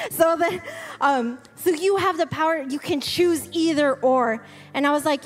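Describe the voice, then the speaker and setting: A woman's voice: sits high, expressive, moderate pace. A woman, a wife and mother, co-hosting a faith talk in a candid, self-deprecating, conversational way. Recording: long reverb with faint music behind.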